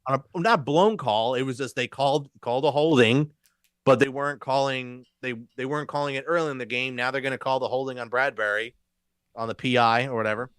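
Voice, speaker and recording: A man's voice: mid-range voice, fairly quick, a bit bright, clear, resonant tone, no echo, studio quality. A man co-hosting a casual podcast, easygoing and agreeable as he chats. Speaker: podcast co-host. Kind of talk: casual chat.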